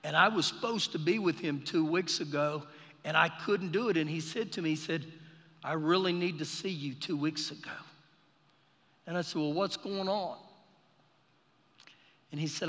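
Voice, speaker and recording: Impassioned pastor preaching, high bright voice. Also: male voice. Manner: impassioned, storytelling, swells to shouting. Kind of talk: sermon. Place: church sanctuary. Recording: live service in a reverberant hall.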